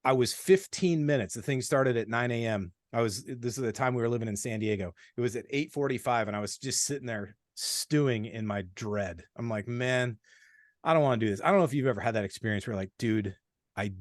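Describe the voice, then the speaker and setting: A man in his forties, a podcast guest, telling stories in a blunt, animated way with plenty of swearing. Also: mid-range voice, a little fast, no echo, studio quality. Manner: blunt, profane, animated storytelling. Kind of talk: casual storytelling.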